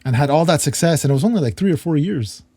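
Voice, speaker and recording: A man's voice: on the high side, lively intonation, quick pace, warm tone, breathy edge, dry recording. A man co-hosting a show, chatting casually and agreeably with a guest. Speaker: podcast co-host. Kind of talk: casual interview chat.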